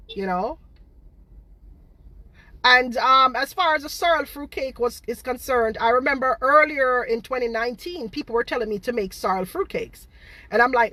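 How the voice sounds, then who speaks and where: Jamaican woman, indignant ranting baker, bright and forceful tone, repeats herself, fires rhetorical questions. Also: a little high. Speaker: baker running her own cake business. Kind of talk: ranting livestream monologue.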